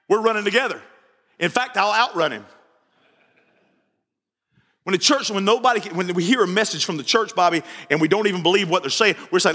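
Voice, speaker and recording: A man preaching an animated sermon in church, full of jokes and acted-out quotes. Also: sits high, a little fast, long pauses, in a large hall. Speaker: pastor.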